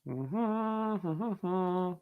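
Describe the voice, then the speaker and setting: A man's voice: high voice, expressive, very slow, clear, resonant tone, narrow, tinny audio. A man hosting a casual live chat stream, rambling and self-deprecating, reading out viewer comments with lots of fillers. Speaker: brewery livestream host.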